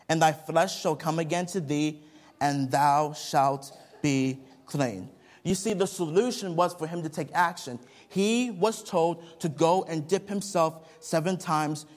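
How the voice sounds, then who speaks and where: Young male children's preacher, slightly high voice, animated storyteller. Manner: lively storytelling, questions to the kids. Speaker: children's Bible teacher. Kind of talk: children's sermon.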